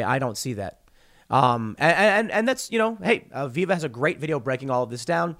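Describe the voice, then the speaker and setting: A man hosting a political commentary show, talking opinionatedly with frequent restarts and mocking quotes. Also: medium pitch. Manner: animated, stumbling restarts, mocking put-on quotes.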